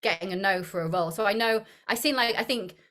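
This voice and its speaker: This is a young woman, an actor interviewed as a guest. She talks casually and tells her stories with animated energy, laughing often as she goes. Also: medium pitch, fast.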